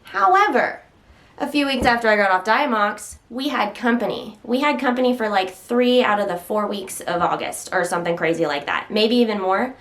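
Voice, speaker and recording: A woman's voice: fairly high pitch, lively intonation, normal speed, fairly bright tone. A woman casually chatting to the camera at home while standing, slightly out of breath, rambling and interrupting herself with occasional stutters. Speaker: health vlogger.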